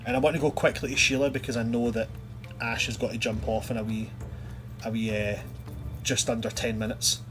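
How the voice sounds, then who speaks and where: A man's voice: medium pitch, flat delivery, fairly quick. A man narrating a tabletop game as game master, chatty and loose. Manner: chatty, loose, many fillers.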